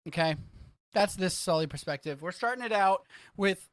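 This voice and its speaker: A man from Texas hosting a casual livestreamed podcast, rambling and excitable, swearing freely as he talks. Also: high-pitched, normal speed, dry recording, studio quality. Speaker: podcast host.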